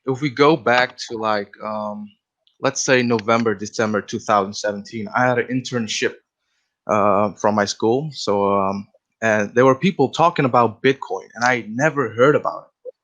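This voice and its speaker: A man's voice: fairly low pitch, moderate pace, fairly bright tone. Chatty man with dull-sounding mic. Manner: chatty storyteller, filler words like "like". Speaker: podcast guest. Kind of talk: casual interview.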